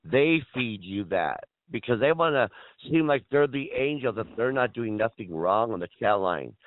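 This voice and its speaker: A man argues on a chat line, lecturing and preachy, hammering the other caller's name into every point. His voice sits at an ordinary middle pitch. It comes through a thin, tinny phone line. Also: lively intonation, normal speed, dry recording. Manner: lecturing, repeats the listener's name. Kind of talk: heated phone argument.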